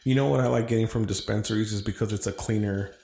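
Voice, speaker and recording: A man with an American accent co-hosting a casual podcast, talking in an animated, opinionated way and swearing freely. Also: fairly low pitch, fast, vocal fry, echoey room. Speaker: podcast co-host. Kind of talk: casual chat.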